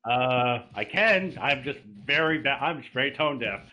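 Man, podcast guest, bright tense voice, crude joking, animated storyteller. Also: medium pitch, measured pace, muffled recording. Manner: bawdy, animated storytelling with shouted punchlines. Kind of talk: casual crude podcast chat.

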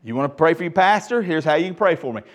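A middle-aged man preaching a sermon as pastor, emphatic and lively with touches of humor. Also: a little high, fast talker.

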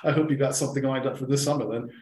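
A man's voice: mid-range voice, fairly even intonation, very fast, a little mellow, roomy sound, slight background noise, rough recording. A man talking as a guest on a podcast, rambling with lots of restarts while his throat gives him trouble. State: struggling to speak, throat trouble. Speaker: football club manager guest. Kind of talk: podcast chat.

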